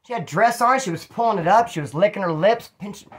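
A man's voice: high voice, quick pace. A man telling rambling, slangy, profane stories in a casual monologue. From California. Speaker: storyteller about prison life.

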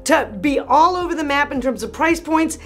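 Woman, high voice, interior designer, gushing, excited exclamations, faint background music. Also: normal speed. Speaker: interior designer and channel host. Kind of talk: enthusiastic product review vlog.

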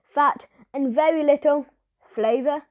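A woman's voice: high-pitched, takes it slowly, highs cut off, voice pushed up. A woman playing a cheeky schoolboy. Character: cheeky schoolboy, sharp-tongued.

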